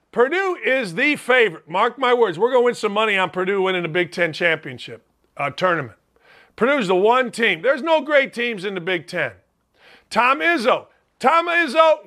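A man's voice: very high-pitched, bright, forceful tone. A man hosting a sports talk show, delivering a blunt, rambling, combative college basketball rant.

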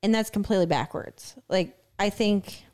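Earnest woman with a smooth voice. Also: mid-range voice, normal speed, a little mellow. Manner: earnest, reflective. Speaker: co-host reacting to a clip. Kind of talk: casual reaction chat.

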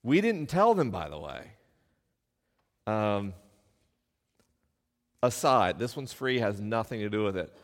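A man's voice: fairly low pitch, very animated. Wry man telling stories on a stage. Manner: wry, self-deprecating, quick asides. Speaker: podcast host speaking live on stage. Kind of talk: live stage talk, conversational storytelling. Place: stage in a live venue. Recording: long hall reverb from a live venue.

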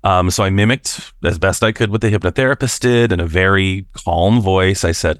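A man from Washington State with a low voice, calling in to tell a story in a loose, chatty way and stumbling over his words as he goes. His voice sounds close and dry. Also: fairly even intonation, brisk, no room sound. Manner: chatty, many fillers and restarts. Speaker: caller. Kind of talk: casual storytelling.

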